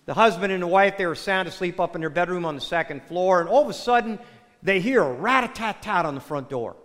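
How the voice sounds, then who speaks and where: A man preaching a sermon, telling a joke in a folksy, animated way before turning to a Bible reading. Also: high voice, quick pace. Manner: folksy storyteller, animated with acted quotes. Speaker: pastor. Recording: long hall reverb.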